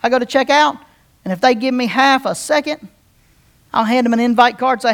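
A pastor telling a story from the pulpit in a loose, conversational sermon style. The voice swings up and down in pitch and loudness as the story builds, with phrases said twice over and frequent check-ins with the listeners. The talk is lively and unpolished rather than scripted. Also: a little fast. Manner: conversational, repeats phrases, asks the crowd "right?".

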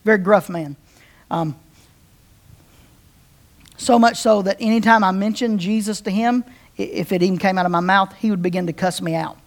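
A pastor telling a story from the pulpit in a loose, conversational sermon style. The voice swings up and down in pitch and loudness as the story builds, with phrases said twice over and frequent check-ins with the listeners. The talk is lively and unpolished rather than scripted. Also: moderate pace, pauses often. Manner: conversational, repeats phrases, asks the crowd "right?".

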